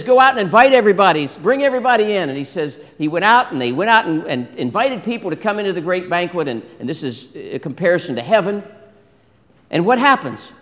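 A man preaching a sermon in a lively way, acting out scripture dialogue and asking the congregation questions. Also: high voice. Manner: animated, acts out biblical dialogue, asks congregation questions. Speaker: pastor. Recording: long hall reverb.

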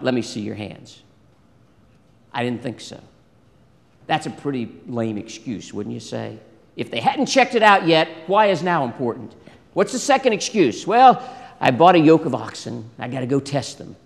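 A man preaching a sermon in a lively way, acting out scripture dialogue and asking the congregation questions. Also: medium pitch, gravelly. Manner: animated, acts out biblical dialogue, asks congregation questions. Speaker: pastor. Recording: long hall reverb.

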